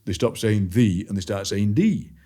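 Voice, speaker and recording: Yorkshire man telling lively stories. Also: lowish voice, normal speed. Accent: Barnsley Yorkshire. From Barnsley, England. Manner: lively, storytelling, drops into quoted voices. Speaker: podcast guest, poet. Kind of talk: casual conversation.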